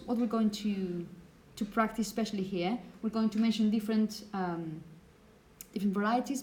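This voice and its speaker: A woman teacher giving a relaxed, hesitant lecture with frequent check-ins, whose first language is Spanish. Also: mid-range voice, low-quality recording. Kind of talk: recorded lecture.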